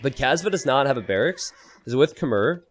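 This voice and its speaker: This male esports commentator calls a strategy game match at normal speed, his voice rising and falling a great deal. Tactical breakdowns come out relaxed, but a surprise sends him into loud, high-pitched disbelief.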